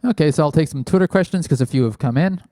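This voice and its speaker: Quick and mellow, with a fairly high pitch, this call-in show host keeps things casual and rambling, packing his speech with fillers. He sits close to a large studio mic in a small studio, and no room sound comes through.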